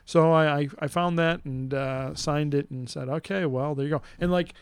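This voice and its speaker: A middle-aged man telling a long road-trip story in casual chat, rambling and animated with restarts. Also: fairly high pitch, normal speed.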